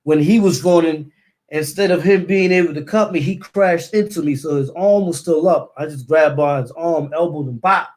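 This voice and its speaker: Relating a story in casual slang, complete with sound effects and repeated words, this East New York, Brooklyn native has a clear New York accent. His voice is on the high side and slightly mellow, and he talks at a normal speed.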